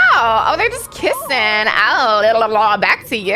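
A woman giving playful, profane gameplay commentary as a video host, excitable and quick to shriek. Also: on the high side, loud music behind the voice.

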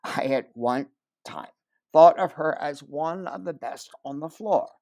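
A man reading aloud, voicing a sly male mill overseer who speaks slowly with false solemn regret. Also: a little high, darkish tone, dry recording. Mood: oily regret. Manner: slow, solemn, oily.

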